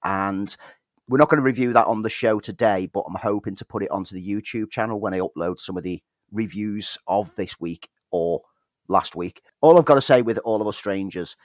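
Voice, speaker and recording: A man's voice: lowish voice, brisk, no room sound, clean studio sound. A British man co-hosting a podcast, telling stories in casual chat. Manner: chatty, storytelling. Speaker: podcast co-host.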